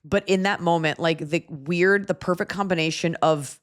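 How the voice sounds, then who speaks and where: A woman hosting a podcast, telling a story in a casual, animated way with profane asides. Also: lowish voice, normal speed. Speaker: podcast host.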